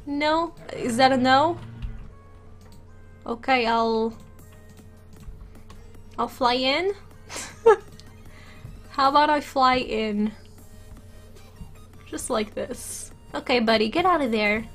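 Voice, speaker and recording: A high-pitched woman narrating her game in an unhurried, drawn-out way. She is giggly and excitable and coos at her virtual pets, and she sounds a little under the weather. Soft music plays faintly beneath her. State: a little sick. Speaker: let's play gamer. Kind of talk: casual game commentary.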